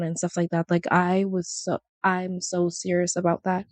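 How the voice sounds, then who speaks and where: A young vlogger chats casually to her channel, rambling, laughing often, and quoting people in different voices. Her voice is low-ish and monotone, moving at a moderate pace with few pauses, in a dry recording.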